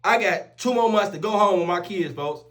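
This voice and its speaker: A young man tells a story in a high voice, loose and animated, packed with profanity. He keeps swearing on his kids after nearly every sentence, in a casual storytelling style. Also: normal speed. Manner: animated, profane street slang, repeats oaths like "on my kids, folks". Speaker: storyteller vlogger.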